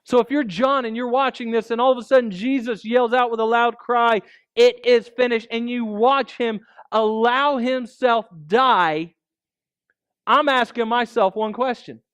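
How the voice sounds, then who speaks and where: A man's voice: very high voice, fairly even intonation, unhurried, fairly bright tone, clean tone. A male pastor preaching a sermon in a conversational way, peppering his points with rhetorical asides.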